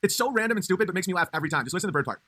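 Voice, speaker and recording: A comedian streamer, male, talks animatedly and at a racing clip through a relaxed livestream, with slight background noise behind him. His voice is high and bright, full of stops and restarts, and he's quick to laugh.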